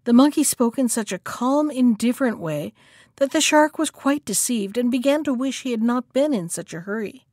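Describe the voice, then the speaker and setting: A woman telling a folktale aloud as a library storyteller, with a measured, clear delivery. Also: on the high side, animated, a little mellow, no room sound, clean studio sound. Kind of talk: storybook read-aloud narration.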